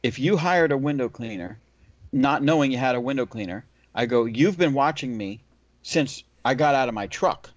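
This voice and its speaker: A man's voice: mid-range voice, moderate pace, no room sound. A man telling a work story in a casual chat, voicing both sides of the dialogue as he goes. The recording is dry and dull, a little lo-fi. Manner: animated storyteller acting out dialogue. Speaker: window cleaner, podcast host. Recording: dull lo-fi audio.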